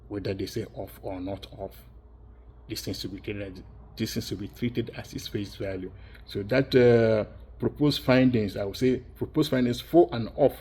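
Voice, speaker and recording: A man's voice: lowish voice, a little mellow, husky. A man giving a rambling, insistent monologue, repeating and restarting his phrases as he circles his points. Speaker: vlogger.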